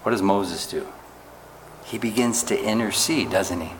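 A man preaching a sermon, reading scripture aloud slowly and stopping often to ask his listeners rhetorical questions. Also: fairly low pitch, a little hiss or hum. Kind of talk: sermon, Bible teaching.

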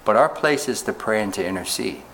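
Man preaching, slow scripture reading. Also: fairly low pitch, expressive, gravelly, fairly bright tone, slight background noise. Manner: reads scripture slowly, asks rhetorical questions. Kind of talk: sermon, Bible teaching.

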